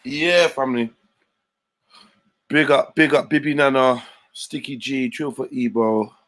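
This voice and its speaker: Guy hosting a live stream, loose slangy chat, giving shout outs, middle pitched voice. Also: steady tone, measured pace. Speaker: livestream host. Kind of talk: casual livestream chat.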